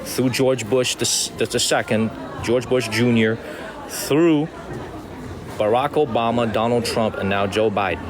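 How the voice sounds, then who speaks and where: A man's voice: medium pitch, unhurried, a crowd in the background. A man from the United States hosting a live-streamed walking tour outdoors, chatting to viewers, thanking them by name and repeating his points. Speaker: livestream tour host. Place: outdoors at a historic residence. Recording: outdoor street noise.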